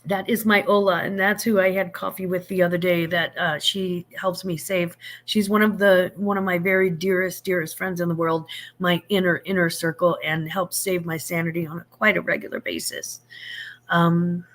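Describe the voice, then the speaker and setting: A woman in her fifties hosts a casual live-stream chat, rambling happily with plenty of fillers and restarts. She affectionately greets viewers as sugar and honey, her fairly low voice level in tone, slightly bright, at normal speed.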